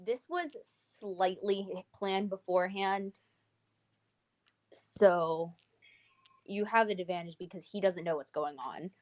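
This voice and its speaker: A woman's voice: medium pitch, takes it slowly, long pauses. Hesitant woman game master. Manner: hesitant, many fillers. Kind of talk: running a tabletop role-playing game.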